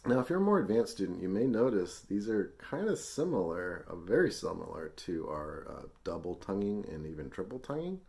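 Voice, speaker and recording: A man teaching a music lesson, explaining rhythm syllables in a relaxed, chatty way with small laughs. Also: deep voice, moderate pace, vocal fry.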